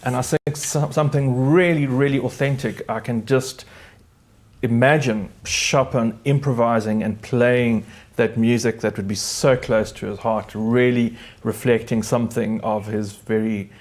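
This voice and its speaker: Chatty pianist, middle-aged. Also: male voice, mid-range voice, steady tone, a little slow. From South Africa. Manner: warm, chatty, reminiscing, with gentle restarts. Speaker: concert pianist hosting a live concert. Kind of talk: casual spoken introductions between pieces.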